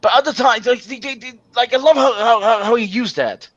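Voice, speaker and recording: A man's voice: very high-pitched, brisk, a bit bright, no room sound. A man hosting a stream, ranting casually and indignantly, stammering and swearing often. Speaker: stream host. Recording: dull lo-fi sound.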